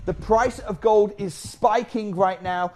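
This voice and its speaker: Brief: energetic male shopping-channel host, slightly high voice, faint music behind. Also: normal speed. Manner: energetic, chatty, off-script asides. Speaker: TV shopping presenter. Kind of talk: live shopping channel selling.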